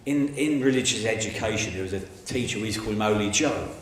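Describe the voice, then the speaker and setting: A middle-aged man telling his life story in an interview, colloquial and animated, acting out the people in his stories. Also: fairly low pitch, fast talker. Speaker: interviewee giving a testimony. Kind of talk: candid storytelling. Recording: very echoey room, faint noise.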